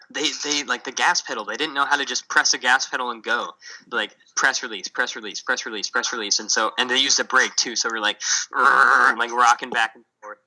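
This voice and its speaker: Bright-voiced young American man rambling. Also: mid-range voice, poor audio. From USA. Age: young adult. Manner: rambling storyteller, heavy on fillers like "like" and "um". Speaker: missionary. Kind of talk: casual chat on a video call. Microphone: video call.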